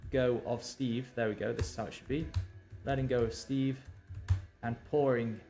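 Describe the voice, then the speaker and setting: A man's voice: mid-range voice, steady tone, moderate pace, warm tone, faint music behind. A male novelist on a live stream, talking through his writing with many fillers and restarts and reading draft lines aloud. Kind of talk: thinking aloud while drafting.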